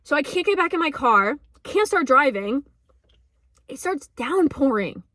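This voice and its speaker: A young woman tells a personal story straight to the camera, high-pitched and emotional. She laughs nervously, swears often and fills her sentences with likes and ums. The sound is dry and close, with no room echo. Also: sing-song, measured pace, sharp tone. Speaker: vlogger. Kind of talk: casual storytelling.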